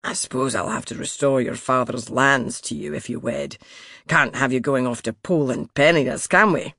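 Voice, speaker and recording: A man's voice: medium pitch, normal speed, creaky, pushed and bright, no room sound, studio quality. A man voicing a crude Scottish king, teasing. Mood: mocking. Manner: coarse, teasing, mumbling to himself. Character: crude mocking middle-aged male king. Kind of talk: audiobook character voice.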